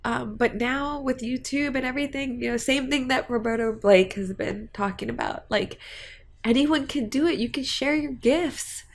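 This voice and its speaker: A woman's voice: high voice, moderate pace, creaky. A woman vlogging about her family and hopes, rambling and heartfelt with many fillers. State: tearful at times. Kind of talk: emotional personal vlog.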